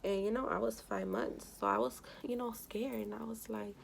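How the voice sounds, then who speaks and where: A young woman's gravelly, medium-pitched voice swoops wildly as she tells a personal story at a moderate pace while doing her makeup, with a little hiss or hum in the audio. Her storytelling rambles, full of "you know," and at times she becomes emotional and tearful.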